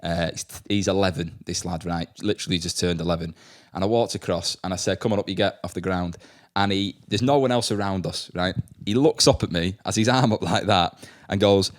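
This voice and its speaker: A young man who hosts a podcast and works on a school's staff chats casually, laughing as he shares anecdotes about working with kids and acting out their voices. His voice is lowish and fairly quick, with lively intonation.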